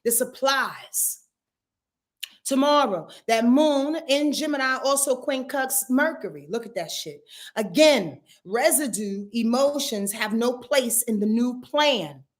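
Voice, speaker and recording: A woman's voice: fairly high pitch, expressive, takes it slowly. A woman astrologer giving a weekly forecast in an emphatic, preachy way, swearing freely and asking her listeners if they follow.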